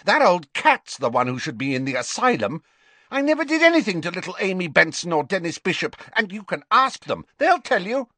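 A man putting on a sharp-tongued, suspicious orphan boy of eleven, pitched up high and bursting loud, then dropping to a breathy whisper. The voice sits in a dry, close storybook reading with wide swings of tone. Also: sing-song, fairly quick, no echo, exaggerated voice. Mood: defiant. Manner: shouting then hushed whispers.

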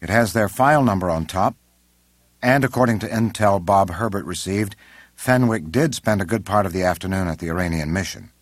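A man voicing a composed middle-aged male intelligence chief who speaks in a measured, respectful way, in an audiobook. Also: sits low, no echo. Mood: earnest.

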